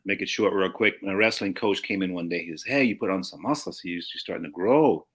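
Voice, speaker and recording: Older man telling stories, low voice. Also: fairly quick, breathy edge. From St. Louis, USA. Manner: rambling anecdotes with frequent restarts, chuckles. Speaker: guest. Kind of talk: casual storytelling.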